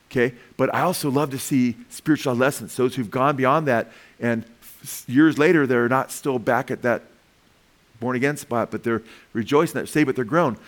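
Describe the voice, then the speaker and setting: A male pastor delivering a sermon in a mid-range voice. He preaches with energy and humor, now and then asking the congregation for an "Amen?". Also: medium pitch.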